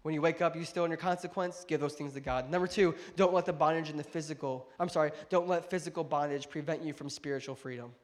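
Male pastor, slightly high voice, casual preaching with big loud swells and quiet lows. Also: fairly even intonation, fast, few pauses. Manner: preaching that swells to loud, high-pitched climaxes then drops soft and low; conversational asides and jokes to the congregation. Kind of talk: sermon.

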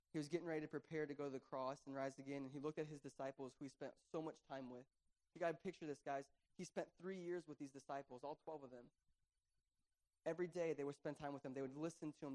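A man with a high voice preaches to his congregation. His delivery is animated and conversational, full of playful asides to the crowd. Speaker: pastor. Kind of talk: sermon.

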